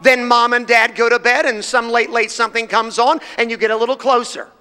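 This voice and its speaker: High bright preacher guy, fired up and emphatic, big echoey church hall. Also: steady tone, a little fast, smooth. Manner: fervent, emphatic preaching with rising bursts. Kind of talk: sermon. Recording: reverberant hall sound.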